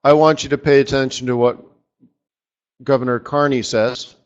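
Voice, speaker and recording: A man hosting a live trading session, chatty and excitable, breaking into lively exclamations. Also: medium pitch, moderate pace, clear, resonant tone, dull audio. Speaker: market strategist host. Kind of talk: live trading webinar commentary.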